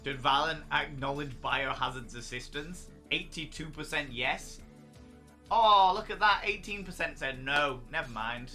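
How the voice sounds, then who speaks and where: A man's voice: fairly high pitch, measured pace, soft background music. A man hosting a casual livestream, telling stories with lots of swearing and bursts of laughter. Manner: animated storyteller, swears freely, bursts into laughter. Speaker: streamer host.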